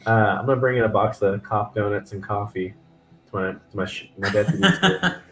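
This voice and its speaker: A man's voice: fairly low pitch, lively intonation, brisk, a bit bright, roomy sound, soft background music, poor audio. A man playing a tabletop game, joking and laughing with friends. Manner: jokey, laughing. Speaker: player. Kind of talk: tabletop play, casual.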